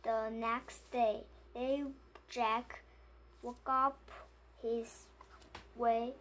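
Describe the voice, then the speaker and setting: A woman's voice: fairly high pitch, flat delivery, very slow, a little hiss or hum. A woman reading a storybook aloud word by word, stopping to correct herself as she goes.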